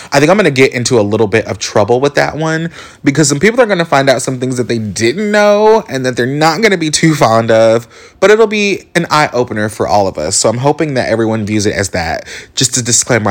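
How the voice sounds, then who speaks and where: A man in his twenties hosting a solo podcast, talking in a rambling, candid way full of swearing and side stories. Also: medium pitch. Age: 20s. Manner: rambling, candid and profane, with mimicked voices. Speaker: podcast host. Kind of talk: casual solo podcast monologue.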